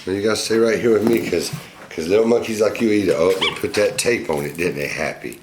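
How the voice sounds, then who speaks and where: Brief: low-pitched man, playful pet vlogger, echoey room with noise behind. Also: fast. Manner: coaxing, playful, talks to his pet monkey. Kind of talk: casual pet vlog chat.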